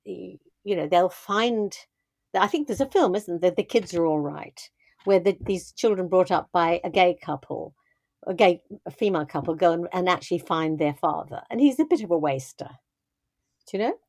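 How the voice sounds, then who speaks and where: A woman's voice: fairly low pitch, lively intonation, moderate pace, a little mellow, no room sound, clean studio sound. An older woman talking through parenting, telling a family story in a thoughtful, conversational way with frequent restarts. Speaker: guest speaking on parenting.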